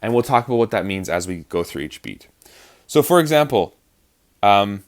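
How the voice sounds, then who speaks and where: A man's voice: fairly low pitch, expressive, normal speed. A man teaching actors about verse rhythm in a lecture, explaining patiently and counting out beats to show stress. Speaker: acting teacher.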